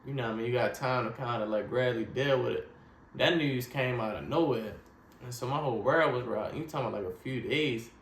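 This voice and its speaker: A man's voice: mid-range voice, fairly quick. A man earnestly telling his life story in short, heartfelt phrases, often asking "you know what I mean". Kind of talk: personal testimony, casual storytelling. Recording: echoey room with faint ambient noise.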